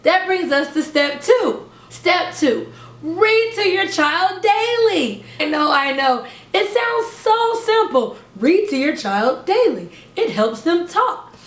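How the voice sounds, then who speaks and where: Young teacher lady talking parents thru it, high voice, slow and super clearly enunciated, roomy echo. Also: big pitch swings. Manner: slow, over-enunciated, upbeat teaching delivery. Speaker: parenting educator, preschool teacher. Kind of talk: instructional talk to camera.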